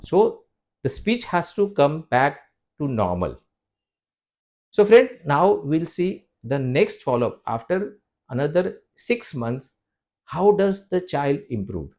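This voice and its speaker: Doctor explaining to viewers. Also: male voice, a little high, big pitch swings, takes it slowly, darkish tone. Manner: lecturing, repeats "friends" and poses questions to answer them. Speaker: homeopathy doctor. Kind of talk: explanatory talk to camera.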